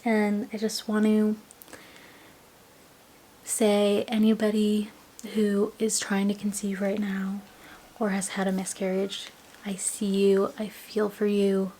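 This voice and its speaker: A young adult woman sharing a casual personal vlog in a soft voice that often drops to a half-whisper, with small laughs along the way. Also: medium pitch, monotone, takes it slowly, long pauses, a little hiss or hum, rough recording. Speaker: vlogger.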